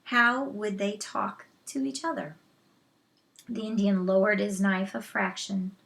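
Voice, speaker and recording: A woman reading a children's novel aloud, slow and measured, with soft asides to listeners. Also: medium pitch, creaky. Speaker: storyteller.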